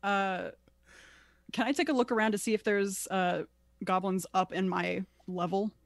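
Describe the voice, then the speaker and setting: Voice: mid-range voice, fairly even intonation, normal speed, creaky, no echo, studio quality. A player in a casual tabletop game, talking hesitantly with many fillers and small laughs. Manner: hesitant, filler-heavy, giggly.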